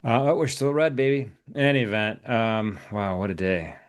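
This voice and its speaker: A man with a lowish voice, speaking at normal speed, hosts a live trading show and signs off casually, joking with guests and using many filler words.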